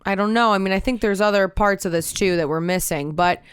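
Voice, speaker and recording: A woman co-hosting a podcast in casual chat, with dry, teasing, deadpan asides. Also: medium pitch, a little fast, smooth, no room sound. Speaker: podcast co-host.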